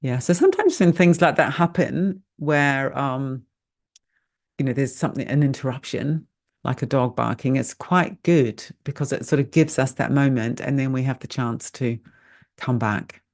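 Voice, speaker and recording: Older lady meditation teacher on a video call, gravelly bit of fry in her voice, chatty, laughs at herself. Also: very deep voice, expressive, moderate pace, darkish tone. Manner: chatty and self-deprecating, laughs easily. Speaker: meditation teacher hosting a live session. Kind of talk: casual chat closing an online meditation session.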